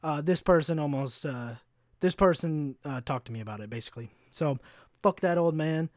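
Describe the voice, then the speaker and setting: Young male podcast host, fairly high voice, dry close mic, swears freely and vents about work. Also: moderate pace, darkish tone, no room sound. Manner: profane, exasperated ranting with acted-out quotes. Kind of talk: casual storytelling monologue. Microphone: podcast mic, no camera.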